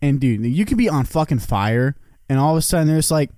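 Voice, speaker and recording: Fast-talking, animated young man. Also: on the high side, no room sound, clean studio sound. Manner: animated storytelling, swears a lot. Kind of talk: casual chat.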